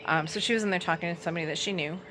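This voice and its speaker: A woman's voice: fairly low pitch, rapid-fire, background noise. A young adult woman telling her personal faith testimony in an earnest, conversational way. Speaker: outreach ministry founder.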